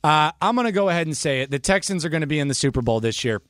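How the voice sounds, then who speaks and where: A man's voice: fairly high pitch, expressive, rapid-fire, a bit bright, no room sound. A man co-hosting sports talk radio, emphatic and repeating his bold prediction.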